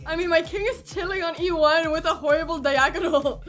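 A young woman streaming chess, commentating her own games with excitable exclamations and frequent laughter. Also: very high-pitched, a little fast, faint music behind.

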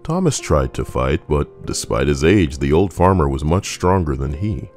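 Male horror storyteller, extremely deep voice, measured and even, soft music behind. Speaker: narrator. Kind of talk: scripted horror story narration.

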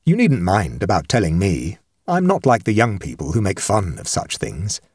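A man voicing an impatient young gentleman. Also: low voice, wildly swooping pitch, slightly rough, no room sound, studio quality, exaggerated voice. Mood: curious. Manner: brisk, questioning.

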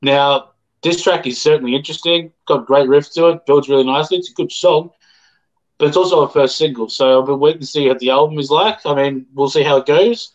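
A man's voice: fairly high pitch, fast. Hedging Australian man on a muffled mic. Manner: thoughtful, hedging. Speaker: co-host, music reviewer. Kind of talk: casual live-stream chat.

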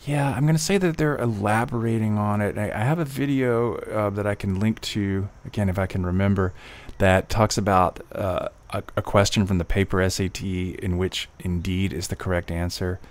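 A man tutoring test prep, reading passages slowly and then reasoning aloud through each answer with fillers and restarts. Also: lowish voice, steady tone. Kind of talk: walkthrough of test questions, thinking aloud.

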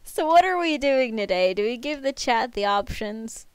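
Chatty, bright-voiced woman streamer. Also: a little high, normal speed, smooth, dry recording. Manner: animated, chatty storytelling with laughs. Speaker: streamer host. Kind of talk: casual chat on a live stream.

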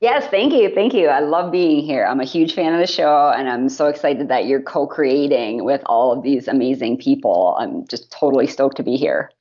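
A woman's voice: extremely low pitch, moderate pace, few pauses, dull audio. A woman from Wisconsin, a mentor and coach, talking earnestly as a podcast guest. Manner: warm, earnest, laughs often. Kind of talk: podcast interview.

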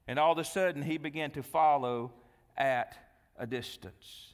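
A male pastor preaching a sermon, telling a Bible story with dramatic swings from loud, lively delivery to hushed, pleading tones. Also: on the high side, normal speed, in a large hall. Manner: dramatic storytelling, acting out Bible dialogue, dropping to hushed pleas. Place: church sanctuary.

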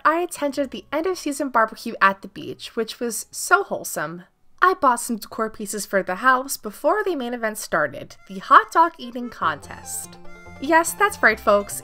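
Bright, upbeat young woman narrating gameplay. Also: fairly high pitch. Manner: upbeat, playful. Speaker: gaming YouTuber. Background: faint background music.

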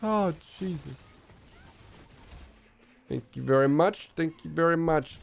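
A man streaming an auto-battler match and commenting live, excitable and swinging from low mutters to shouts. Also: normal speed, gravelly.

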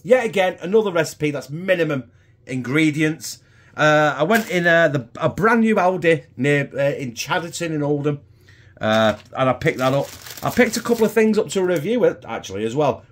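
A man's voice: on the high side, a little hiss or hum. A man, hosting a casual home cooking video in a chatty, rambling, self-deprecating way.

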